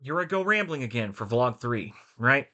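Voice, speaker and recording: A man's voice: medium pitch, expressive, normal speed, pushed and bright. A man talking frankly in a rambling vlog about his voice acting work. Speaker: voice actor and vlogger.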